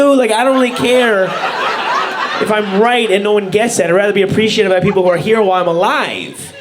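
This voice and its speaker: A man's voice: high voice, a little fast, noisy background. A man performing a stand-up comedy set, ranting with sarcastic, incredulous, profane delivery. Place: comedy stage before a laughing audience. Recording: live room with loud crowd laughter.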